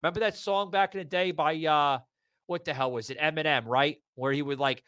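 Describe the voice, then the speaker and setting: A male podcast host gets fired up on a live audio room broadcast of his political talk show, ranting heatedly, swearing a lot and stumbling over stammered restarts. His voice is on the high side, bright, forceful and smooth, brisk with fairly even intonation, and there's no room sound.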